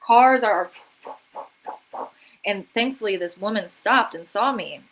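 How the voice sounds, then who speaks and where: Speaking slowly in a mid-range, somewhat bright voice, this guest, an artist and author, dramatizes past events on a livestream interview, voicing her inner thoughts aloud. The audio is poor, with a little hiss or hum.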